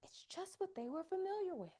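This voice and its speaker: Lively woman leading a faith talk. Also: extremely high pitch, a little fast. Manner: lively, animated, acts out inner voices. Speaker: wellness session host. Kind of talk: faith-based live talk.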